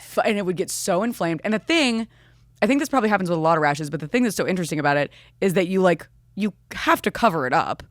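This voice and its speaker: A woman in her thirties, a comedian guest chatting on a podcast, expressive and swearing freely. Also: fairly low pitch, fast talker, no room sound, clean studio sound. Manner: expressive, swearing, laughs often. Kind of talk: casual chat.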